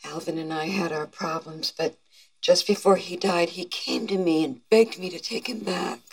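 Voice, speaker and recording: An actress playing a haughty, spiteful widow in a sitcom, speaking with cold disdain. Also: female voice, lowish voice, normal speed, gravelly, slightly rough, poor audio. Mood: solemn. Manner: icy, disdainful. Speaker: dead man's ex-wife.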